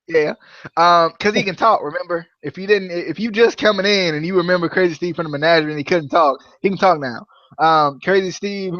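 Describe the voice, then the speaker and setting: High-voiced man, dry lo-fi podcast sound. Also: fairly bright tone, no echo. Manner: laughs often, acts out quotes in a raised voice. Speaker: podcast co-host. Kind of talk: casual chat recapping a wrestling show.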